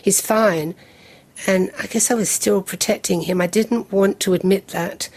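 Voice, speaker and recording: A woman, recounting a personal memory in measured, detailed storytelling as an interview guest. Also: medium pitch, steady tone, a little mellow. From England. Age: 70s.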